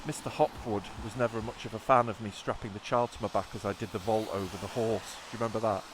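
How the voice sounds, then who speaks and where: A man's voice: lowish voice, fairly even intonation, quick pace, noisy background. A man, talking in a rambling, sweary, sardonic way on a rainy motorbike trip outdoors. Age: 50s. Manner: sweary, sardonic, wandering asides. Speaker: motorcycle vlogger. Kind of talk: rambling spoken vlog.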